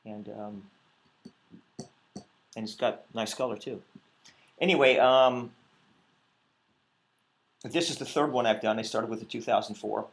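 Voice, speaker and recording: A male winemaker talking casually at a wine tasting, relaxed and hesitant, with many pauses and ums. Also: lowish voice, vocal fry.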